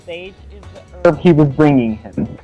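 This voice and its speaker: A man's voice: a little high, lively intonation, normal speed, mellow, faint music behind. A young man co-hosting a let's play, teasing his friend in a laid-back way. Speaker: co-host. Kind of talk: casual game commentary.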